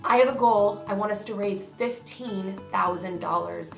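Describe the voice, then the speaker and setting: A woman's voice: medium pitch, moderate pace, creaky, echoey room, faint music behind. A woman vlogger talking straight to her viewers, earnest and emphatic, about a cause close to her heart. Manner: earnest, emphatic, grows emotional. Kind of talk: heartfelt direct-to-camera vlog.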